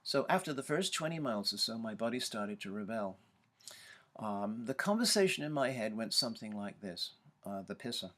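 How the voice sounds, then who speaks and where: A man's voice: lowish voice, lively intonation, fairly quick, sharp tone. A man giving a university lecture, hesitant and full of ums and uhs. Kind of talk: recorded lecture.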